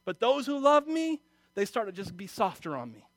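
High-voiced emotional preacher, man. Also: very animated, normal speed, no room sound. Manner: emotional, swings from quiet confiding to loud exhortation. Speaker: pastor. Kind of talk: sermon.

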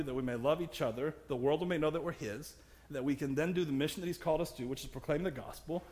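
In a church sanctuary, a man preaches a sermon full of self-deprecating humor, laughing often as he goes. His voice is a little high and a little mellow, he talks fast, and the sound is that of a big room.

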